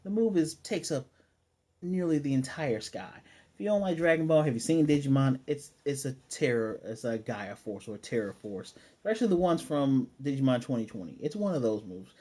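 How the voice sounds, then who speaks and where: A man giving a casual, excitable episode review in slangy speech, swearing and acting out the scenes as he retells them. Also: mid-range voice, fairly quick. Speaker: anime reviewer.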